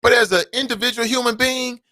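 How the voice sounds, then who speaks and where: A man's voice: very high voice, fairly even intonation, fast talker, sharp tone, dry recording. A man hosting his own talk show, ranting bluntly and passionately, swearing at times. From United States. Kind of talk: opinionated solo commentary.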